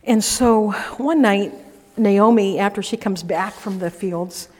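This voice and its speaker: A woman's voice: medium pitch, slow pace, darkish tone. A middle-aged woman preaching a sermon, telling the story in a folksy, conversational way with frequent restarts. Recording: echoey hall reverb.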